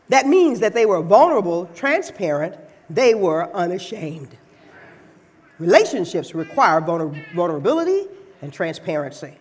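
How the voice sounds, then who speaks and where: Woman preacher, teasing and animated, lively pitch, church sermon. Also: moderate pace, breathy edge. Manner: playful, teasing, animated delivery.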